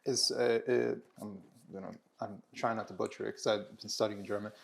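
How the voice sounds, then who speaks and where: A man hosting a casual conversation over a meal, speaking haltingly and restarting his sentences often. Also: lowish voice, steady tone, gravelly. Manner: halting, with many restarts and fillers. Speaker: host.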